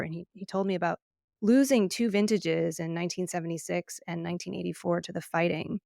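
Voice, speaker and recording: Gravelly middle-aged woman podcast host. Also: lowish voice, darkish tone, dry recording, studio quality. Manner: earnest, explanatory, measured. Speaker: podcast co-host, wine journalist. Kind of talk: casual news podcast chat.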